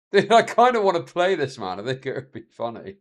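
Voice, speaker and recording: A man's voice: fairly high pitch, moderate pace. A man in his thirties chatting casually on a live stream, telling stories with frequent laughs and swearing. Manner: chatty, laughs often, swears, animated storytelling.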